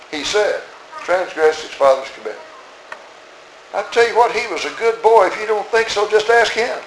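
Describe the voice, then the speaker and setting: Male preacher, high-pitched, emphatic and rhetorical, in a roomy church sound. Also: very animated, normal speed, slight background noise. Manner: emphatic, rhetorical questions, swings between soft asides and raised outbursts. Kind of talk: expository sermon. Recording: roomy echo.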